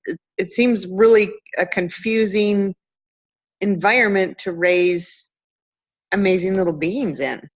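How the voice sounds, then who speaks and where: A woman guest in a casual chat, reflective, thinking out loud in long, winding sentences. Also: lowish voice, poor audio.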